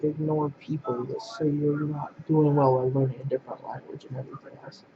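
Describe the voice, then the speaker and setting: A man's voice: a little high, level tone, a little fast, muffled recording, noisy background. A man ranting casually to camera in a vlog, blunt and repetitive, often restarting his phrases. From Poland. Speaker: vlogger.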